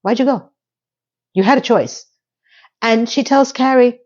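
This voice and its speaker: A woman's voice: a little high, unhurried, pauses often, darkish tone, muffled recording. A middle-aged woman giving a chatty, opinionated recap of a TV episode and offering life advice.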